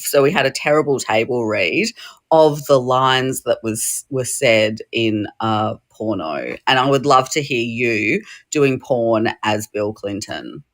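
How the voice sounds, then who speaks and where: A woman, a comedian guest who laughs often and teases. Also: a bass voice. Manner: giggly, teasing.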